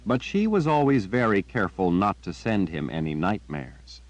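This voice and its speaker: A man reading a fantasy novel aloud as a narrator, with measured, unhurried storytelling. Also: on the low side, big pitch swings, no room sound, low-quality recording. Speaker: audiobook narrator. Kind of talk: scripted narration.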